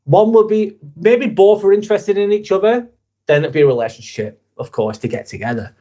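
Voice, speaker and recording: A man's voice: high voice, expressive, brisk, dark tone. A young man hosts a casual live vlog, talking in an earnest, rambling way and swearing casually. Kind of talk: casual live-stream chat.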